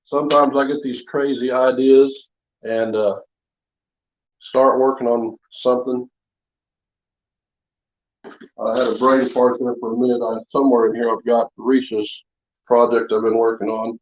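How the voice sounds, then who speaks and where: A man's voice: medium pitch, little pitch movement, measured pace, pauses often. A man chatting casually in his home workshop, showing knives he forged, in a rambling, down-to-earth way. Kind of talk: casual show-and-tell chat. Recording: slightly dull lo-fi sound.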